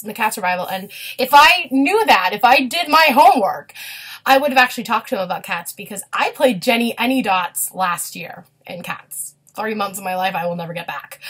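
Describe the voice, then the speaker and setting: A young woman chatting casually in a vlog, gushing and quick to get emotional. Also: on the high side, fairly bright tone, slightly rough. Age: young adult. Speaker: vlogger. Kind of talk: casual chat.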